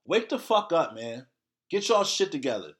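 A man's voice: on the high side, sing-song, moderate pace, fairly bright tone. A man hosting a solo podcast, lecturing his listeners in a blunt, heavily profane rant. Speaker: podcast host.

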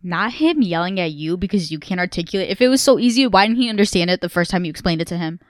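A woman's voice: lowish voice, lively intonation, quick pace, no room sound. A woman podcast co-host chatting casually, blunt and joking, swearing freely. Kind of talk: casual chat.

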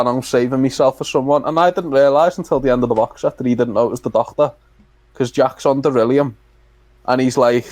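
A man chatting as co-host of a fan podcast, spinning long rambling anecdotes. His voice sits at an ordinary middle pitch. The recording is dry and close, with no room sound. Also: a little mellow, no room sound. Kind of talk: casual fan chat.

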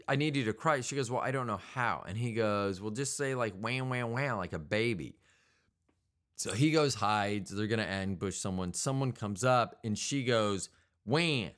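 A male podcast host talking in a rambling, casual monologue, wry and prone to correcting himself mid-sentence. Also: lowish voice. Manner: meandering, self-correcting, wry.

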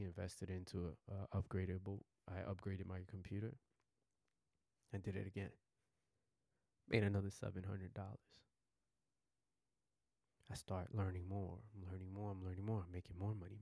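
A man tells his story casually on a podcast, excitable and prone to repeating himself and restarting sentences. His voice is very low and dark, with a gravelly fry. The recording is close and dry. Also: no echo. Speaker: podcast host.

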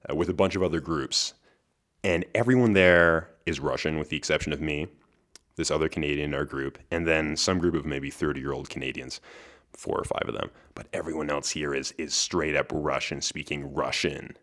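A young man hosts a podcast alone, spinning a story with a very deep voice. He talks casually, tripping over a word now and then and laughing between lines. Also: fairly bright tone. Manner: chatty, laughs between lines, restarts words. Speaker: podcast host.

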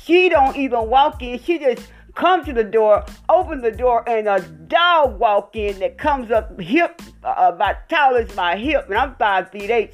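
A woman telling a rambling, animated storytime rant with lots of fillers. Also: medium pitch.

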